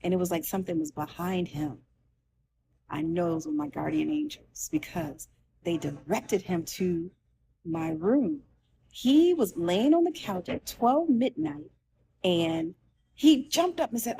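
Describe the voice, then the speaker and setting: A woman's voice: fairly high pitch, normal speed, slight background noise. A woman telling a true personal story with emotion, acting out the voices of the people in it, with restarts and asides. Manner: animated, acts out quoted voices, with restarts.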